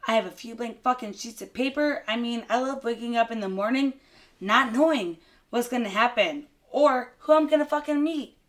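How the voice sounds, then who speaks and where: A woman's voice: fairly high pitch, normal speed, lightly acted. A woman voicing a cocky young male drifter artist who talks brash and swears casually. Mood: boastful.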